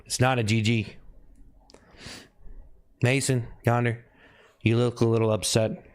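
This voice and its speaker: A man's voice: medium pitch, flat delivery, unhurried, clean tone. Man teasing his chat on a livestream. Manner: teasing, repeats himself, calls out chat names. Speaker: livestream host. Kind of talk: casual livestream chat with viewers.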